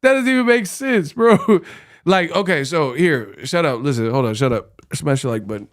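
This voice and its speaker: Guy doing boxing reaction commentary, slangy and mocking, kinda high voice. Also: lively intonation, normal speed. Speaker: boxing commentary channel host.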